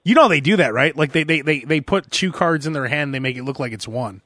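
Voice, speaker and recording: A high-pitched man with a bright, forceful voice hosts a casual podcast chat. He tells animated stories, acting out both sides of phone calls and sometimes breaking into loud shouts. The recording is dry and close. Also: brisk, no room sound. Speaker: podcast host.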